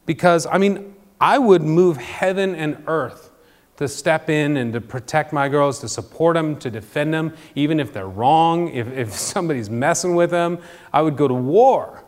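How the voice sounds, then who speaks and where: Joking, emphatic pastor in a reverberant hall. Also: male voice, moderate pace. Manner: conversational and joking, swings between loud emphatic bursts and quiet low asides. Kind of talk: sermon. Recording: long reverb of a large hall.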